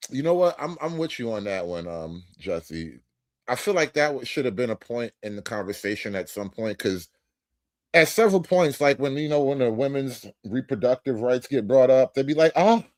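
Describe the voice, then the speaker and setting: A man hosting a casual reaction show, joking crudely and laughing, dropping to low mutters and jumping up loud. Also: lively intonation, moderate pace, dry recording, studio quality. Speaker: show host reacting to a debate.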